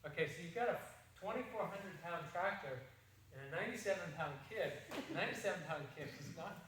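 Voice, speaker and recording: A middle-aged man tells a story to a seminar audience in a folksy, rambling way, circling back and restarting his sentences. His voice sits a little high for a man. He is picked up from a distance in a very echoey room, with faint room noise behind him. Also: lively intonation, fairly quick. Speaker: seminar presenter.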